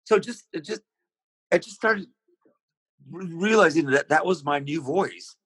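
A man's voice: on the high side, unhurried, a bit bright, breathy edge, no echo, poor audio. A man being interviewed, telling long rambling stories about his singing with many restarts. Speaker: interview guest, singer. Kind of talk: casual storytelling.

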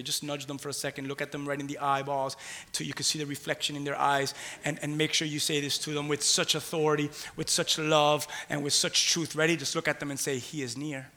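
A pastor preaches with passion, moving between hushed, intimate lines and loud, rising calls, repeating phrases rhythmically and asking the congregation to respond. His voice is a little high and flat in delivery, and he talks a little fast with few pauses.

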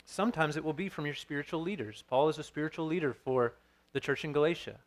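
A man's voice: a little high, quick pace. A man in his thirties preaching a sermon as pastor, earnest and storytelling, with frequent restarts.

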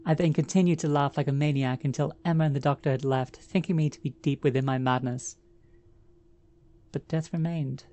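Woman reading a creepy first-person story, dark mellow voice, slow and dramatic. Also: low voice, steady tone. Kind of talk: scripted horror narration.

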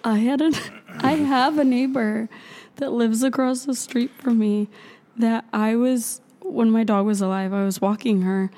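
High-voiced woman telling a profane story. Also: a little slow. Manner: profane, animated anecdote-telling with quoted voices. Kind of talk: casual storytelling chat.

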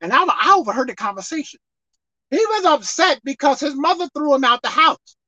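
A woman's voice: high voice, lively intonation, fairly quick, pushed and bright, dry recording. A woman preaching a sermon. She calls out to her listeners and acts out pleading prayers. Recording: muffled lo-fi recording.

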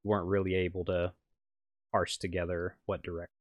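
A man's voice: deep voice, flat delivery, fairly quick, no echo. Rambling young man running a game. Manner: rambling, many "like" fillers. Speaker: game master. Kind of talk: narrating a tabletop game.

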